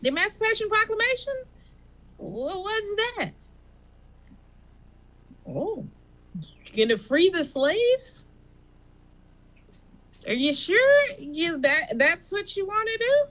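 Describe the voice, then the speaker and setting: Woman playing lazy male clerk, folksy, stammering, apologetic, pitched well up. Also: sing-song, takes it slowly, long pauses, fairly bright tone, heavily acted, low-quality recording. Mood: flustered.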